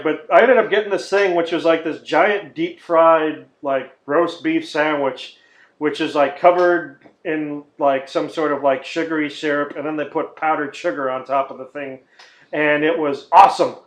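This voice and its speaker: Loud, high-voiced swearing man in a roomy echo. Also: fairly even intonation, measured pace. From Texas. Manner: loud, swearing, laughs a lot, acts out ranting voices. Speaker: podcast co-host. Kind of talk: casual profane chat.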